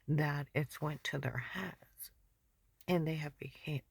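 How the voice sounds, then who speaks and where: A woman with a low, gravelly, husky voice rambles through a personal story in an agitated, repetitive way. She often sinks into a breathy whisper. The recording is dry and close, with no room sound. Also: no room sound.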